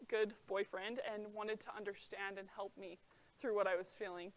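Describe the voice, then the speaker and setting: A young adult woman giving an earnest talk to a young audience, chatty and full of "like" fillers, telling stories with lively feeling. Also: medium pitch, normal speed. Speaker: presenter.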